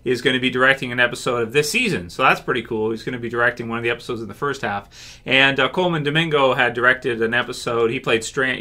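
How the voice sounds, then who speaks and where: Canadian dude rambling about a tv show, lots of uhs and you knows, bright voice. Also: male voice, medium pitch. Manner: rambling, many "uh" and "you know", laughs often. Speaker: YouTube TV-show commentator. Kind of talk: casual fan commentary.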